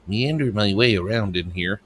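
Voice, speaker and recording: A man's voice: lowish voice, normal speed, noisy background. A man co-hosting a live internet radio stream as its producer, rambling and joking with casual swearing. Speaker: producer and co-host.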